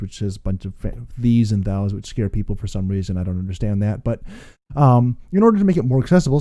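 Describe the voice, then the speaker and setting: A man's voice: fairly low pitch, dark tone. A man hosting a casual podcast, rambling and amused as he talks. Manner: rambling, amused, reads excerpts aloud. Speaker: podcast host.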